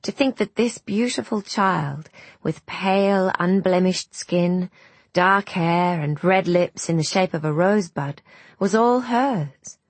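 Woman, storybook narration, slightly low voice, dry close sound. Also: unhurried, no echo.

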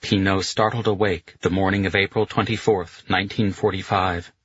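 A man reading an audiobook in a steady, measured way. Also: deep voice, husky, dry recording, muffled recording. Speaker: narrator. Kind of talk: audiobook narration.

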